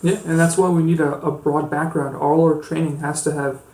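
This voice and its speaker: A man's voice: fairly high pitch, level tone, brisk, darkish tone. A man co-hosting a podcast as a foot and ankle surgeon, talking casually with lots of fillers in a laid-back way. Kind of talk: casual conversational podcast chat. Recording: echoey room.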